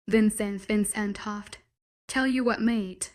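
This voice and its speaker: A woman's voice: medium pitch, fairly even intonation, slow. A woman narrating a first-person romance story in a sardonic, matter-of-fact way. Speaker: audiobook narrator.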